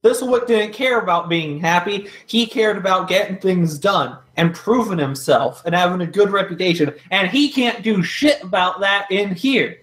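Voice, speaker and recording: High-voiced man arguing in character. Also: normal speed, hardly any pauses, a bit bright. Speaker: player. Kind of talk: in-character tabletop play.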